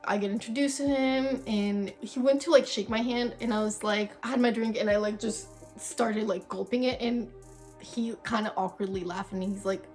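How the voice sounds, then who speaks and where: A woman's voice: mid-range voice, fairly even intonation, normal speed, darkish tone. A young woman vlogger telling a story in casual, dramatic chat, swearing freely. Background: faint background music.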